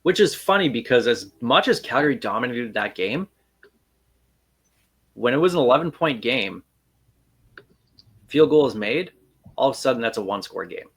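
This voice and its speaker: A man's voice: medium pitch, animated, normal speed, pauses often, fairly bright tone, husky. A man hosting a sports podcast, chatting casually and thinking aloud with fillers. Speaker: podcast host.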